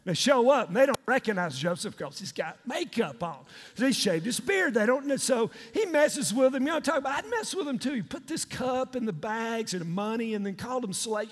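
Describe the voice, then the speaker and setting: A pastor, telling the story in an animated, joking, slangy way and doing voices. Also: male voice, extremely high pitch, brisk, hardly any pauses. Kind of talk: sermon retelling a story. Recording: long hall reverb.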